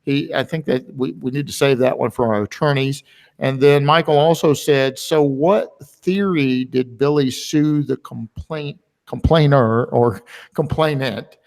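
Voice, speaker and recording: A man's voice: medium pitch, unhurried, a little mellow. Chatty male webinar host, echoing hall. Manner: rambling and chatty, with many filler words. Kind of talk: casual webinar talk. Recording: long hall reverb.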